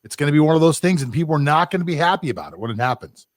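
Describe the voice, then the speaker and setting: A man's voice: on the high side, big pitch swings, very fast, no room sound. Blunt, opinionated man, dry close voice. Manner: blunt, opinionated, jumps between thoughts. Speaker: sports podcast co-host. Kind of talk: casual sports chat.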